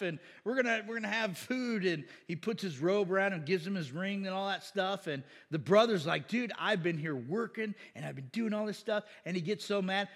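A man's voice: on the high side, a bit bright, long reverb tail. A man preaching a sermon as pastor, conversational and joking, with asides and chuckles.

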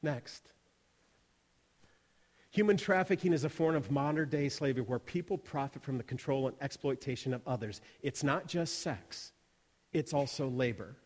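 A man telling a mission story in a sermon, animated and acting out the voices of the people he quotes. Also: medium pitch, moderate pace. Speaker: missions speaker. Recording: long reverb of a large hall.

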